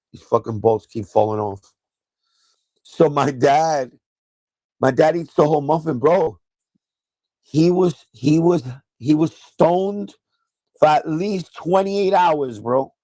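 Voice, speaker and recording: Man from New York, livestream host, casual profane storytelling, slightly high voice, dry close sound. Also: measured pace, long pauses, mellow, no room sound. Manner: loose, profane storytelling with laughs. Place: at home, seated in a chair.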